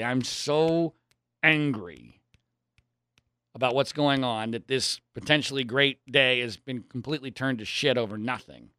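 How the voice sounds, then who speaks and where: A man, probably in his thirties, telling a personal story in an exasperated way, swinging between loud outbursts and low mutters. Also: smooth, no echo.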